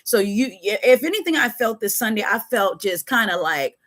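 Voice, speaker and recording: A woman talking casually on a live stream, animated and conversational, speaking straight to her viewers with a Californian American accent. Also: medium pitch, normal speed. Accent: Californian American English. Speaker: webcam model giving advice on a live stream.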